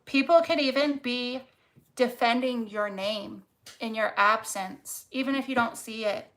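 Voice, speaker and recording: A woman's voice: fairly high pitch, unhurried, fairly bright tone, slight background noise, rough recording. A woman reading tarot cards casually to camera, fervent and encouraging, swearing freely and repeating words for emphasis. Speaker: tarot reader.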